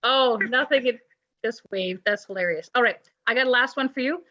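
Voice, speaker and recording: A woman with a slightly high voice hosts a service, joking playfully and reading announcements. The sound is a bit dull and lo-fi. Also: a little fast, bright, forceful tone. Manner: playful, joking, with pirate banter. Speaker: worship service host. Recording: dull lo-fi recording.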